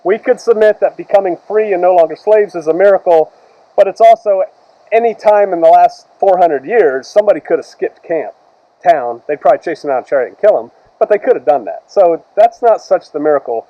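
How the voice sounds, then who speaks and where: A man preaching a sermon as pastor, reading scripture slowly and loudly, then retelling it in casual words. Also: high-pitched, animated, no echo, muffled recording.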